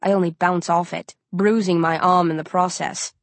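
A woman's voice: fairly low pitch, steady tone, normal speed, no echo. A woman reading a tense story aloud in first person, as an audiobook narrator.

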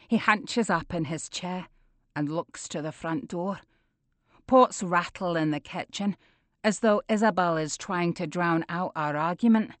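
A woman's voice: on the low side, a little slow, dry recording. A woman narrating a first-person audiobook, intense and emotional, building to anger.

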